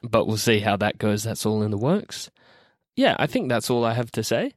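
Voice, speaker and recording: A man with an Australian accent, a band member talking in a relaxed, rambling way about his song. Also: lowish voice, normal speed, no echo, studio quality. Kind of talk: recorded message about a song.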